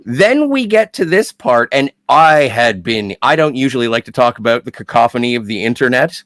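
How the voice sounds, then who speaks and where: A man with a lively, swooping voice reacts eagerly on a podcast. His voice sounds close and dry, with no room sound. His pace keeps shifting as he works through his opinions. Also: medium pitch, moderate pace, dry recording. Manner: animated, jumps in with reactions and opinions. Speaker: podcast co-host. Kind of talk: casual podcast chat.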